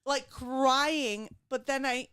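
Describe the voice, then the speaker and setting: A young adult woman, a guest comedian in a casual podcast chat, telling stories and acting out quotes loudly. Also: high voice, slow pace, smooth, dry recording. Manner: animated storyteller, acts out quotes loudly.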